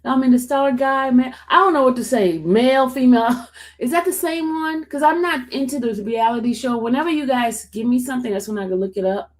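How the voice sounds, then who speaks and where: A woman hosting a casual livestream, chatting and answering viewer comments in an expressive way. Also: high voice, a little fast. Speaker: livestream host covering court cases. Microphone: streaming setup.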